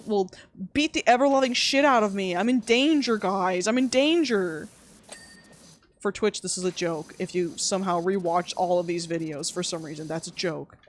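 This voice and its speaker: A woman's voice: medium pitch, normal speed. A young woman live-streaming a game, chatting casually and teasing her chat with frequent giggles.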